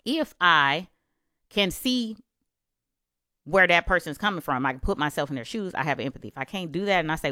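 A woman's voice: sits low, animated, a little fast, bright, forceful tone, no room sound, studio quality. A woman giving casual advice on relationships in a talk, emphatic and conversational, often asking rhetorical questions.

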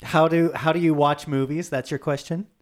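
A man guesting on a comedy radio show as a movie reviewer, talking in a slow, rambling, awkward way. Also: a little high, steady tone.

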